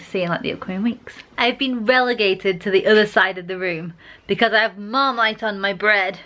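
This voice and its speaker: A woman's voice: fairly high pitch, fairly bright tone. A woman from England chatting enthusiastically to the camera at home in a daily vlog. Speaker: vlogger. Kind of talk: casual vlog chat.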